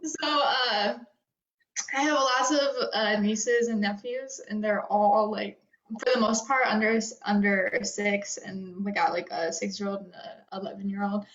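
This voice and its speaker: A woman's voice: medium pitch, steady tone, unhurried, fairly bright tone. A young woman talking in a conversation, close to tears, rambling with lots of fillers and nervous laughs. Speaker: guest. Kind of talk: emotional personal conversation. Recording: roomy, dull lo-fi sound.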